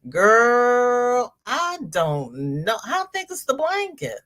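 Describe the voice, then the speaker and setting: A middle-aged woman hosting a casual crochet livestream, reading viewer comments aloud and chatting warmly with her audience, calling them "girl" and "honey" amid frequent ums and restarts. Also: on the high side, wildly swooping pitch, takes it slowly.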